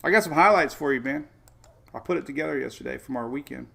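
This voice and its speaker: A man hosting a weather show, chatting casually and excitably, often saying "man". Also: medium pitch, fast talker, vocal fry. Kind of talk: casual live-stream chat.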